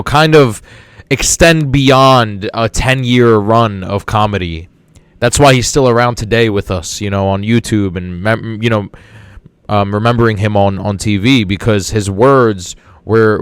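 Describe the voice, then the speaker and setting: A man's voice: medium pitch, clear, resonant tone, no echo. Picture a male podcast host talking in a loose, rambling monologue. He is enthusiastic, trips over his words and repeats himself, in a mid-range voice recorded dry and close. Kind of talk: casual monologue.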